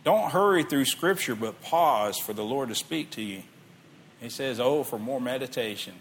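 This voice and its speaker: A man's voice: mid-range voice, expressive, moderate pace, a little hiss or hum. A middle-aged man preaching a sermon in a conversational way, reading scripture aloud and asking the listeners questions. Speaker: pastor.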